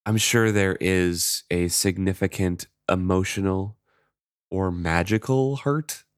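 A man co-hosting a podcast, retelling and discussing a book chapter in a relaxed, thoughtful way. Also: sits low, slow, clean tone, no room sound, studio quality. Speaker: podcast co-host. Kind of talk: casual chat retelling a book.

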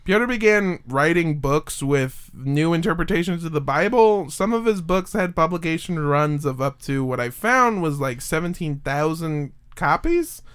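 A man's voice: a little high, lively intonation, moderate pace, hardly any pauses, a bit bright, smooth. A young man hosting a casual podcast, telling a story in a rambling, jokey way with lots of fillers.

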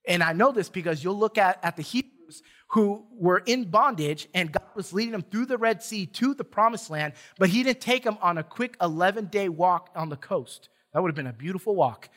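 A man's voice: high-pitched, a bit bright. A man preaching a sermon in a church, conversational and joking, often restarting his phrases. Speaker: pastor.

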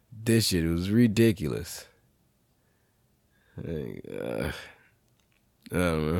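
A low-voiced man delivering a profane, animated monologue in loose, casual speech. The sound is close and dry, with no room echo. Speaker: podcast host.

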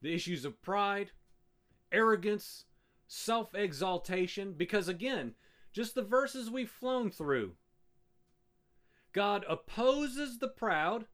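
A man delivering a sermon from the pulpit. His voice sits high and swings widely in pitch as he presses the congregation with pointed rhetorical questions. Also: slow, long pauses. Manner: rhetorical questions, emphatic and animated. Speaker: pastor.

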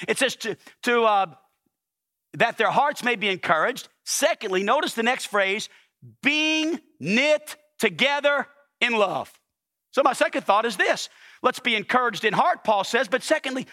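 A male pastor preaching a sermon at a church service, emphatic and repetitive, building phrases up to near-shouts. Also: sits high.

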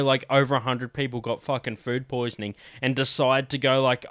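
A man's voice: medium pitch, little pitch movement, normal speed, hardly any pauses, a bit bright, smooth, no echo. Male podcast co-host, swears freely, laughs through stories, dry close-mic sound. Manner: swears a lot, laughs while telling stories. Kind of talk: casual chat.

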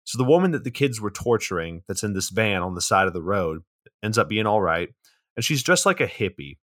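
A lower-pitched man on a podcast, close and dry on the mic, running through a film's plot in a loose, chatty way. He swears freely and laughs as he talks. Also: big pitch swings, brisk, fairly bright tone, no echo. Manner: casual, swears freely, laughs mid-sentence. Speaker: podcast co-host recapping a film. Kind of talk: casual movie recap chat.

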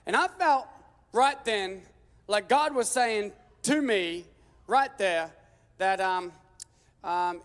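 A man preaching a sermon, telling a story with lively jokes and acted-out voices. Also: high-pitched, slow pace, clear, resonant tone. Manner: animated, joking storytelling with acted-out quotes. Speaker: pastor. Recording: long hall reverb.

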